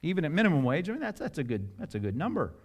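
Male pastor, sermon, middle-aged, conversational, joking asides, lively swooping voice. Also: fairly high pitch, rapid-fire, slightly rough. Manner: animated, conversational preaching with asides and jokes; acts out scripture dialogue in varied voices.

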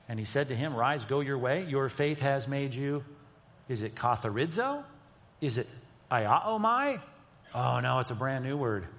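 A pastor preaching a sermon, emphatic, moving between loud stresses and hushed asides. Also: male voice, mid-range voice. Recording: long reverb of a large hall.

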